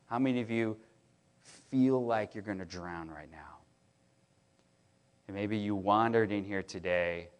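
A middle-aged man preaching a sermon, talking in a casual, animated way and often restarting his sentences as he tells stories. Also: fairly low pitch. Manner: conversational, animated storytelling with many restarts. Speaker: pastor.

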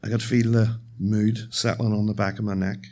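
A man telling a true story live on stage, measured and wry with dark humour. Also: fairly low pitch, flat delivery. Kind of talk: live first-person storytelling.

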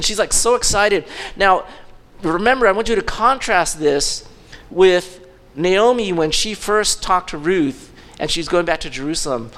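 A man's voice: high-pitched, lively intonation, moderate pace, a bit bright, long reverb tail. A male pastor delivering a sermon, retelling a story with acted-out quotes and frequent restarts.

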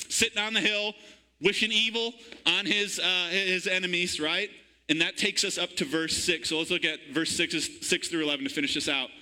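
A man's voice: a little high, pushed and bright, rough recording. A man preaching a sermon in church, calling out to the congregation for an amen. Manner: call-and-response preaching, asks congregation for amen. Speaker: pastor.

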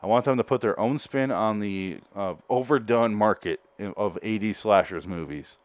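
On his solo podcast, a man reviews an episode with rambling jokes and repeated self-corrections, sounding out of breath. His pitch is fairly low and his pace moderate, captured in a dry recording.

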